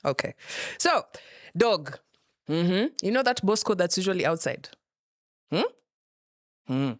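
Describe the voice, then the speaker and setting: A woman's voice: fairly low pitch, lively intonation, takes it slowly, long pauses, no room sound, studio quality. A young Kenyan woman hosting a comedy show, teasing and laughing often as she jokes. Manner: playful, teasing, laughs often, mixes in Swahili. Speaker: host. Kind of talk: comedic monologue.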